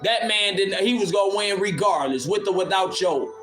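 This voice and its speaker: Over an instrumental beat in an echoey room, a man rants on his livestream, preachy, impassioned, profane, and confrontational with his viewers. He has a high-pitched, fairly bright voice and talks at normal speed.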